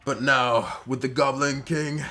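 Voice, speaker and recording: A man voicing a drunk, boastful male goblin chief who gives loud, drawn-out speeches. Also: mid-range voice, fairly even intonation, faint music behind, pitched above the performer's own voice. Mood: proclaiming.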